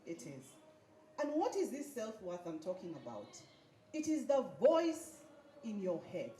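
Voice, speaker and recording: A woman's voice: mid-range voice, wildly swooping pitch, measured pace, warm tone, slight background noise. A woman giving a motivational speech at a graduation, leading the audience in call-and-response chants. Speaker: speaker at a graduation ceremony. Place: event hall with an audience. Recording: echoey hall.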